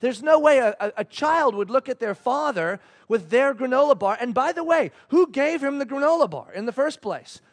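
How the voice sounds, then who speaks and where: A man in his thirties preaching a sermon, telling a family story with animated, emphatic delivery. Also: very high voice, normal speed, hardly any pauses. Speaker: pastor.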